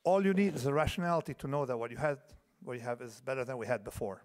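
Delivering a keynote in a large conference hall with long reverb, a man in his fifties speaks fast at medium pitch. The lecture meanders with restarts and asides, and he checks in with the audience by asking "okay?"

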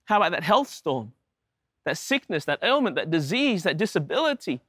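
Male preacher, high and bright, builds sermons on repeated rhetorical questions. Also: sing-song, normal speed, no room sound, clean studio sound. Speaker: pastor.

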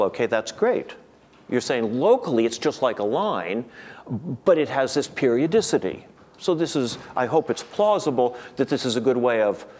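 A man's voice: medium pitch, a little mellow. A middle-aged man giving an academic seminar lecture, thoughtful and digressive, often restarting his sentences. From United States.

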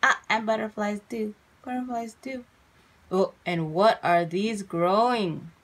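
A woman teaching small children English, talking in a slow, sing-song, encouraging way. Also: medium pitch. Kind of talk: kids' English lesson, sing-along and coloring.

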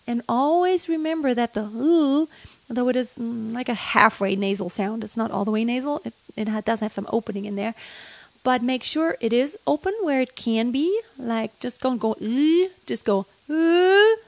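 A young woman teaching how to sing a pop ballad, speaking in a relaxed coaching manner and breaking into sung phrases to show the technique. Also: on the high side, moderate pace, creaky, dry recording. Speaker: singing teacher. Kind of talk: vocal lesson with sung demonstrations. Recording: loud instrumental music behind.

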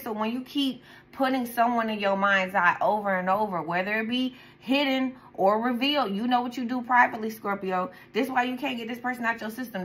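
A woman's voice: medium pitch, a bit bright, a little hiss or hum, rough recording. Chatty, profane woman tarot reader. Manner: profane, chatty, rambling, with frequent laughs. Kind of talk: casual tarot reading to viewers.

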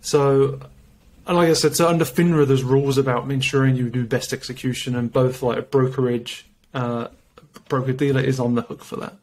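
A man with a British accent and a mid-pitched voice. He explains things in a measured, casual way, with plenty of fillers. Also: fairly even intonation, darkish tone, a little hiss or hum. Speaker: podcast guest explaining trading.

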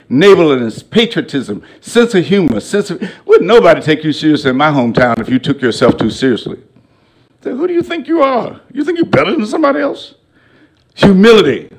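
Older man, guest speaker in a college hall; folksy, humorous storyteller with a preacher's cadence and a fairly high voice. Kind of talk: public lecture with storytelling.

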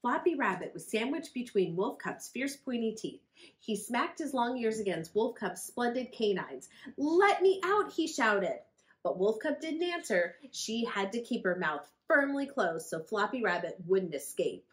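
A woman, a children's librarian, reading a picture book aloud to children in a friendly, expressive storytelling manner. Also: medium pitch, unhurried.

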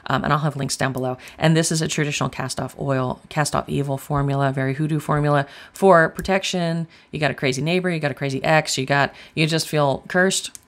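A woman's voice: low voice, fairly even intonation, a little fast, hardly any pauses. A woman giving a casual tarot reading, chatty and blunt, swearing freely as she talks straight to viewers. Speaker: tarot reader.

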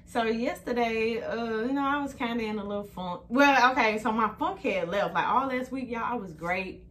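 A woman's voice: on the high side, normal speed, fairly bright tone. Chatty woman talking to her phone camera. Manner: chatty, talks straight to viewers as "y'all". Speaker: vlogger. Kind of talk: casual chat to camera.

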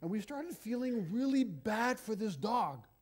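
A middle-aged man preaching a sermon in a lively, conversational storytelling manner. His voice sits high for a man but has a dark, mellow tone. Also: measured pace, husky.

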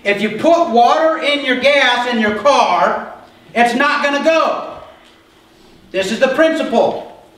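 A man with a high voice preaches a sermon in a relaxed, chatty way, often asking his listeners whether they follow. He is picked up from a distance in a very echoey church hall. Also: slow. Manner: conversational preaching, asks the congregation questions. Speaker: pastor.

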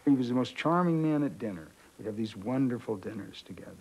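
A man's voice: mid-range voice, lively intonation, fast, darkish tone, slightly rough, low-quality recording. A man reminiscing in an interview, reflective and slipping into the voices of people he quotes. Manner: reflective, acts out quotes of others.

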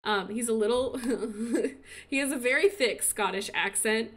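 Excitable, bright-voiced woman gamer. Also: a little high, measured pace. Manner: excitable, cheering and laughing. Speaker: gaming video creator. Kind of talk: casual game commentary.

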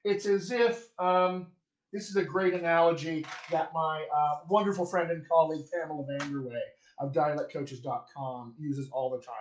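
A man coaching dialects in a live-streamed lesson, playful and chatty with a fairly high voice. He talks to viewers with easy humor. The sound is roomy and echoey. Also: steady tone, normal speed, slight background noise. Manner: playful, chatty, laughs at himself. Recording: echoey room.

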